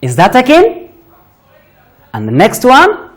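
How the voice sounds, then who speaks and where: A woman teaching a children's phonics lesson, sounding out words deliberately and praising pupils often. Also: on the high side, huge pitch swings.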